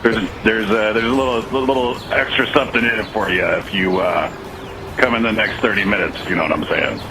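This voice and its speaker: A man's voice: lively intonation, slow pace, background noise. A man voicing a hesitant, stammering caller who has dialed the wrong number to order pizza. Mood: suggestive. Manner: hesitant, stammering, drops to a low suggestive voice. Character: clueless male caller ordering pizza, suggestive.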